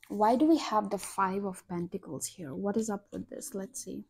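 A young woman reads tarot cards for her viewers in a chatty, excitable way. She exclaims often over the cards. Her voice sits at an ordinary middle pitch for a woman. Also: normal speed, slight background noise. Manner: excitable, exclaiming, breathy gasps and laughs. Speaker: tarot reader. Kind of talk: collective tarot reading.

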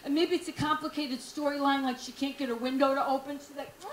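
A woman's voice: high-pitched, fairly even intonation, fast. A woman doing a stand-up comedy set, brash and frank, teasing the crowd. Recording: echoey club room, faint noise.

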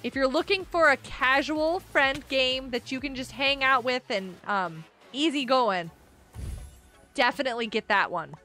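A woman streaming a game live, chatting casually and reading messages from the chat aloud, with excitable outbursts. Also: high voice, a little slow, soft background music.

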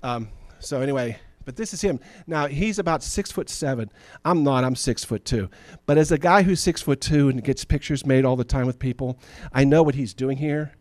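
A man's voice: mid-range voice, normal speed, few pauses, darkish tone, no echo. Pastor guy preaching casual and jokey, dry close sound, acts stuff out. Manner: conversational and joking, acts out Bible figures. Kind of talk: sermon.

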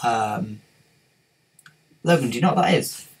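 A man's voice: medium pitch, lively intonation, measured pace, creaky, husky, poor audio. A man hosting a casual gaming livestream, rambling, giggling and reading out the chat. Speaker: livestream host.

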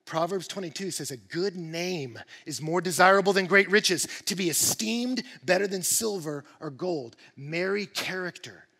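A male pastor preaching a sermon in an animated, emphatic way, with rising bursts of energy. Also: high-pitched, moderate pace, gravelly, few pauses, big-room sound. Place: church auditorium.

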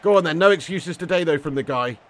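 Excitable man streaming a football game. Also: a little high, quick pace. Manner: excitable and cheeky, swears, calls viewers legend and mate. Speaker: gaming live streamer. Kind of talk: casual live-stream banter while playing.

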